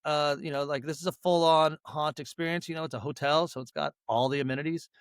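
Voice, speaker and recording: Guy on a movie podcast rambling thru the plot, bit high pitched, swears a lot. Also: fairly even intonation, fast talker, clean tone, no room sound, studio quality. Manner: rambling, swears freely, lots of fillers. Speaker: podcast co-host. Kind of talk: casual movie recap chat.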